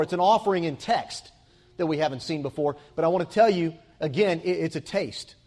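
A man's voice: a little high, a little mellow. A man preaching a sermon in an earnest, emphatic way, repeating phrases for stress.

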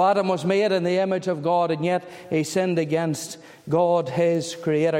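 A man's voice: high-pitched, darkish tone, smooth. Pleading preacher man in a reverberant hall. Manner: pleading, fervent, repeats phrases for emphasis. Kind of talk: evangelistic sermon.

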